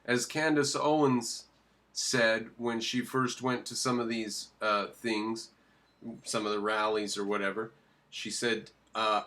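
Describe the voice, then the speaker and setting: A man giving opinionated commentary while reacting to a video clip, emphatic and quick to ask questions and answer them himself. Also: fairly low pitch, little pitch movement, pushed and bright.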